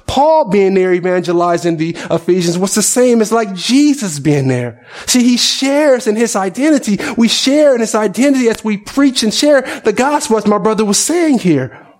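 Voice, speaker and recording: Male pastor, high voice, conversational sermon that questions the congregation. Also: animated, normal speed.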